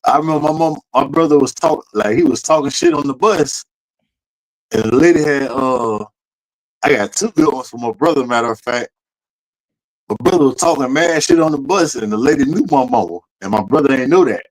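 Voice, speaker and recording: A man co-hosting a podcast, telling a childhood story in a lively, slangy, profane way. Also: mid-range voice, a little fast, rough recording. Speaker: podcast co-host. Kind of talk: casual storytelling chat.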